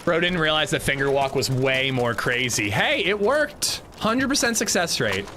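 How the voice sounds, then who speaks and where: Animated man telling a story on stream. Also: fairly high pitch, normal speed, slight background noise. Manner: animated storytelling, laughing, reading chat aloud. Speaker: livestreamer. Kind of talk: casual streaming chat.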